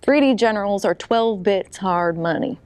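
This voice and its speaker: A woman's voice: medium pitch, normal speed, darkish tone, clean tone, no echo, close to an everyday voice. Stern folksy storekeeper lady played by a woman, dry close sound. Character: stern small-town female store owner.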